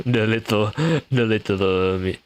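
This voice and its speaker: A man's voice: fairly low pitch, fairly even intonation, unhurried. Laid-back young man streaming. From Indonesia. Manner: laughs often, restarts, mixes English with Indonesian. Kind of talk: casual live-stream chat.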